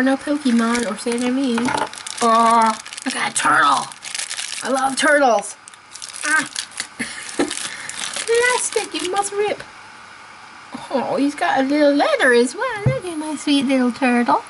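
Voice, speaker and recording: A woman chatting casually as she unboxes toys, gushing and excitable, laughing often. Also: high-pitched, slight background noise, rough recording. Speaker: unboxing vlogger.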